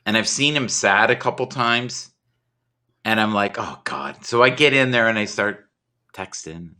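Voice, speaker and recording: A man hosts a casual livestream, talking in a rambling, jokey way. His voice is bright and clear, and his pitch swings widely. He talks into a home computer mic. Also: animated, measured pace. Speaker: livestream host.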